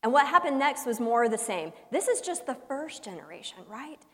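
A woman pastor delivering a sermon as a humorous story, with dramatic pauses and shifts between loud emphasis and hushed soft lines. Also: fairly high pitch, sing-song. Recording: long reverb of a large hall.

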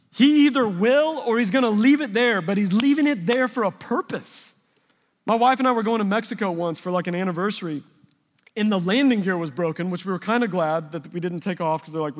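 A man preaching a sermon, telling lively personal stories and acting out the people in them. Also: sits high, big-room sound. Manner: animated storytelling, voicing people in his anecdotes.

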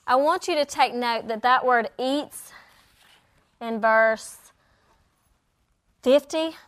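Woman preaching, high bright voice, animated storytelling. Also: slow. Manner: animated storytelling, acts out quoted lines. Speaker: Bible teacher. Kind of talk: sermon.

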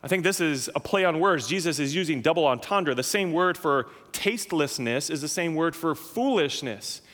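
A man preaching a sermon as pastor, emphatic and animated, with big swings in pitch and loudness. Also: moderate pace, long reverb tail.

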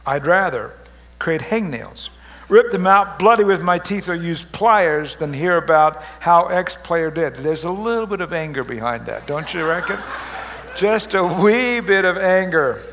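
A middle-aged man preaching a humorous sermon as pastor, joking and teasing his congregation in an animated way. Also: high voice, a little slow. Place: church service.

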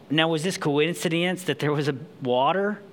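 Against slight background noise, a pastor with a fairly high voice reads scripture during a sermon, then unpacks it in a conversational, emphatic style.

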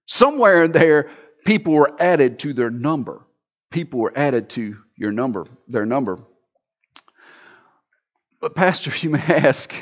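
A man as pastor, preaching a sermon with wide swings in pitch and loudness. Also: animated, measured pace, pauses often, highs cut off.

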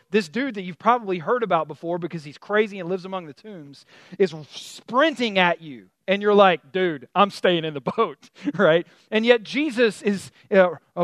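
A man preaching a sermon in a conversational, animated storytelling way, with many fillers and restarts. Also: high-pitched, no echo. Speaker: pastor.

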